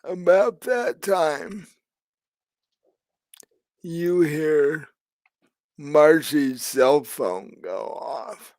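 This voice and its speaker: Slow, halting man running a game. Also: on the high side, expressive, darkish tone, dry recording. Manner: hesitant, many ums and restarts. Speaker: game master. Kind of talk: narrating a tabletop game.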